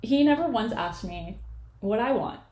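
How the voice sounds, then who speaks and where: Acting out both people in a bad date she's retelling, a woman in her late twenties co-hosts a casual podcast in an echoey room. She speaks at a moderate pace in a mellow, somewhat high voice with lively intonation.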